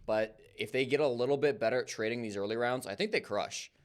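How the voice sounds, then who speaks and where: A man's voice: medium pitch, fast talker. A man casually co-casting an esports match on stream, joking with chat and calling plays. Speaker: co-stream caster. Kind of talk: casual game commentary.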